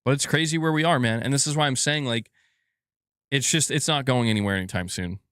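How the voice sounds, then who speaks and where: A man's voice: mid-range voice, brisk, a bit bright, dry recording, clean studio sound. A man hosting a casual gaming news live stream, rambling and swearing as he reads viewer comments aloud.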